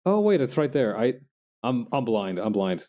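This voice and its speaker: A young man casually chatting while he makes digital art, self-mocking and quick to laugh. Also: medium pitch, very animated, mellow. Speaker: digital artist streamer. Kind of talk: casual narration while drawing.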